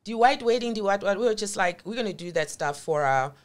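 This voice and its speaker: A woman's voice: medium pitch, lively intonation, brisk. A woman, a podcast guest telling her story in a blunt, emphatic way and swearing freely. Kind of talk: candid conversational storytelling.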